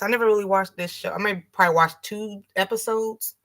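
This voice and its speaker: A woman in her thirties trades easy talk on a trivia livestream, laughing often and reading viewer comments aloud. Her voice is bright and clear, sitting at a middle pitch. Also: brisk. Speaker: livestream co-host. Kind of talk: casual chat on a trivia livestream.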